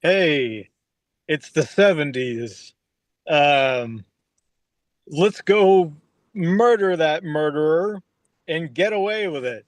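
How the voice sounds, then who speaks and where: A man playing a bumbling, flustered cop, halting and full of hesitations, over a video call. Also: a little high, expressive, dry recording.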